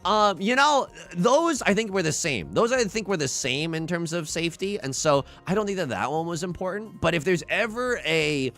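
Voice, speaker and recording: Male streamer, casual chat, bouncy pitch, a bit of fry, faint music underneath. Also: normal speed, hardly any pauses. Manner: animated, self-deprecating, frequent restarts.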